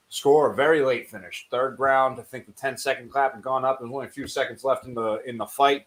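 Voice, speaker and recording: Man, fight commentator, casual recap, steady, measured, mid-pitched voice. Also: low-quality recording.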